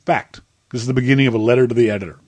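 A man's voice: mid-range voice, fairly even intonation, rapid-fire, darkish tone, breathy edge, dry recording. A man co-hosting a casual comedic podcast, blunt and profane, ranting grumpily. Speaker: podcast co-host.

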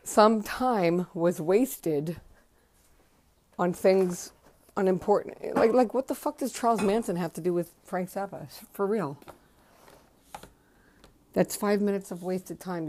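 A woman's voice: lowish voice, warm tone. A woman hosting a podcast, rambling late at night at home while doing chores, blunt and emotional, swearing freely. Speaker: podcast host.

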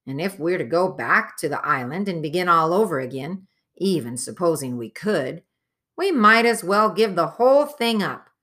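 A woman voicing a gruff, excitable male dwarf warrior in an audiobook, exclaiming and arguing. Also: lowish voice, normal speed. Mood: exasperated. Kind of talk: audiobook character voice.

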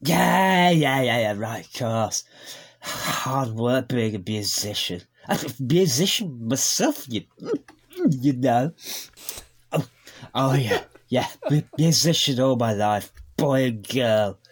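A man's voice: mid-range voice, lively intonation, slow. A man playing a boisterous drunken uncle. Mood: rambling. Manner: slurring, stammering, boisterous. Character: drunken male wedding uncle, loud and rambling. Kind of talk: comedy sketch read-through.

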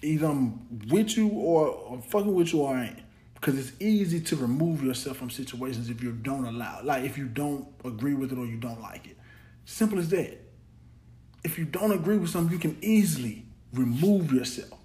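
A man's voice: mid-range voice, lively intonation, moderate pace, mellow. A man hosting a podcast, talking in a blunt, rambling casual monologue full of slang and repeated words. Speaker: podcast host.

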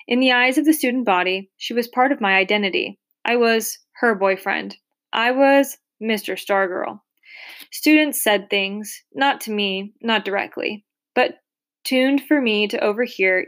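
A woman reading a novel aloud as an audiobook narrator, steady and reflective. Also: a little high.

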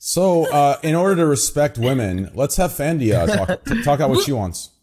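A man hosting a podcast, excitable and loud, swearing often in casual chat. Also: fairly high pitch, moderate pace. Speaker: podcast host.

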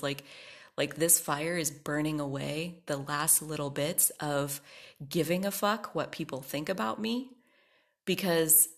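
A woman's voice: sits low, a bit bright. A woman hosting her own podcast, talking candidly and with emphasis in a personal monologue, swearing freely. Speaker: podcast host.

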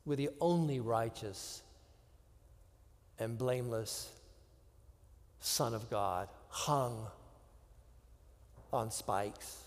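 A man preaching a sermon, with dramatic pauses and drops to a hushed voice. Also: mid-range voice, in a large hall. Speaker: pastor.

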